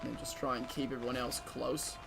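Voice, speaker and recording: A man's voice: medium pitch, level tone, a little fast, creaky, over music. A man giving casual gameplay commentary, joking and swearing and reading game events aloud. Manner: casual, profane, joking banter with frequent laughter. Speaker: streamer.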